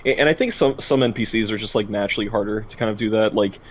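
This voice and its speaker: A man co-hosting a casual chat about tabletop games, relaxed and agreeable. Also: fairly low pitch, quick pace, slight background noise, poor audio.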